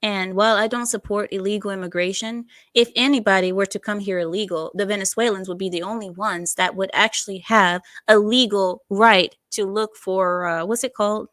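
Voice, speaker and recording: A woman's voice: medium pitch, steady tone, a little fast, hardly any pauses, a bit bright, no room sound. A woman hosting a casual news commentary chat, sarcastic and digressive, often laughing at her own asides. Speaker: online commentary host.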